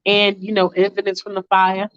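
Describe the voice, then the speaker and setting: A woman's voice: mid-range voice, completely flat delivery, moderate pace, smooth. A woman casually telling a fanfiction story aloud, with slangy, chatty asides. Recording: dull lo-fi recording.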